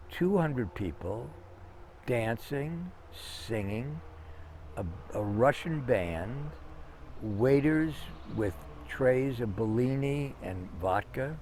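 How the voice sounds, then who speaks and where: A man's voice: medium pitch, big pitch swings, extremely slow, darkish tone, a little hiss or hum. A man telling long anecdotes in a conversational interview, rambling with fillers and restarts. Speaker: interview guest. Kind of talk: conversational storytelling.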